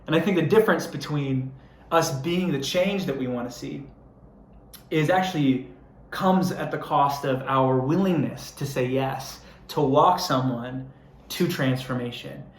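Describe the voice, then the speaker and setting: A young man preaches a sermon in a relaxed, conversational style, poking fun at himself before building to earnest appeals. His voice sits at a middle pitch. A roomy church hall echo surrounds him. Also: measured pace. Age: young adult. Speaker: young adults pastor.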